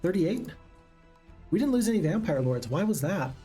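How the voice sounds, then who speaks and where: A man's voice: sits high, big pitch swings, moderate pace, dark tone, slightly rough, soft background music. A man giving casual commentary while playing a strategy game, thinking aloud and asking himself questions as he goes. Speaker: let's play gamer.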